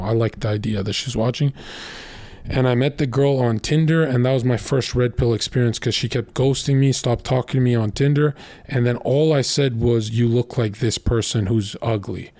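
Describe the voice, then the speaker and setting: A man's voice: mid-range voice, darkish tone, no echo. A young man telling crude stories in a blunt, boastful casual monologue as a streamer.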